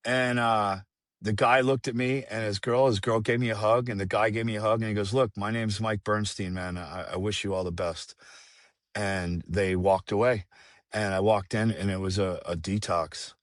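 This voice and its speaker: A man's voice: fairly low pitch, fairly even intonation, normal speed, dry recording, clean studio sound. A middle-aged man telling a candid personal story, rambling and profane, with frequent restarts. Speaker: guest singer.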